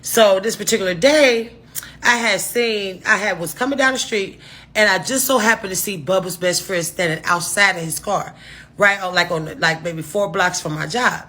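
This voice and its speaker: A woman spins a rambling, profane storytime for her viewers, doubling back to correct herself. Her voice is husky yet bright and edgy. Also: medium pitch, moderate pace. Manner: profane, rambling, restarts and asides. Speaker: storytime vlogger. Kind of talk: casual storytime monologue.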